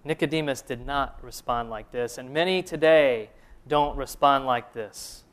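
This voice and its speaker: A man preaching a sermon in an earnest way, asking the listeners questions and slowing down to stress key phrases. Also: medium pitch, fairly bright tone. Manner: earnest preaching, rhetorical questions, slows for emphasis. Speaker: pastor.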